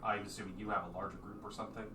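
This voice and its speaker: A man's voice: on the low side, flat delivery, very fast, bright, forceful tone. A man doing a foul-mouthed, irritable adventurer. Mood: irritated, gruff. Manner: swears constantly, brusque. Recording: echoey room, distant mic, background noise.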